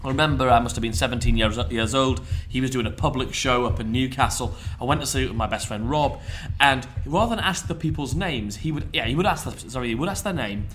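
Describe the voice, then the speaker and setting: A man in casual podcast chat, quick with jokes and asides. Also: mid-range voice, a bit bright, a little hiss or hum. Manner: quick banter, joking asides.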